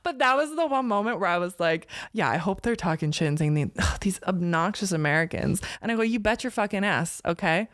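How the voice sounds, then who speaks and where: A woman in her thirties chats as a podcast guest, spinning an animated, profane story and acting out the lines people said. Her voice sits in a middle register. The recording is dry and close, with no room sound. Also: mid-range voice, fairly quick, few pauses, no room sound. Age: 30s. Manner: animated storyteller, swears freely, acts out quotes. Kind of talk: casual chat.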